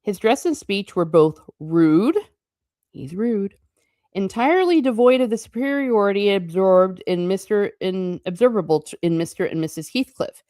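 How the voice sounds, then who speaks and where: A woman's voice: mid-range voice, lively intonation, mellow, dry recording, studio quality. A woman reading a classic novel aloud, stopping often for chatty, playful asides. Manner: chatty asides between passages, quick and playful. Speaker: book reading channel host.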